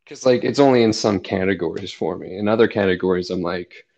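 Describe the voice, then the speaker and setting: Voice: low-pitched, a little fast, creaky, darkish tone, muffled recording. A podcast co-host in casual banter, joking and self-deprecating, laughing often.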